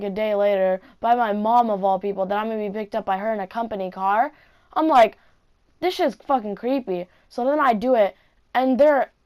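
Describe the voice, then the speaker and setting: A woman's voice: fairly high pitch, a little mellow. Swearing woman telling a storytime. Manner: heavy swearing, rambling asides. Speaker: vlogger. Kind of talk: casual storytime monologue.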